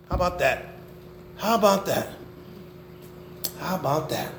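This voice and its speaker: An older man preaching a sermon, swinging between loud emphasis and low murmurs. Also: very animated, slow, vocal fry, long pauses, roomy sound, slight background noise. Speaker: pastor.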